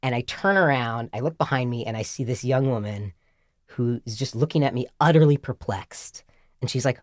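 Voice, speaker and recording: A man telling an embarrassing story in casual podcast chat, animated and self-deprecating, full of "like" and "right?". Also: medium pitch, measured pace, pauses often, no room sound, studio quality. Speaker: podcast co-host.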